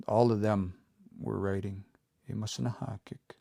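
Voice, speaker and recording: A man with a lowish, gravelly voice talks through a casual live-streamed language lesson. He explains step by step, repeats words slowly for practice and keeps his phrasing relaxed and informal. The sound is close and dry. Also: no room sound. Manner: relaxed, informal, says y'all and eh. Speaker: language teacher.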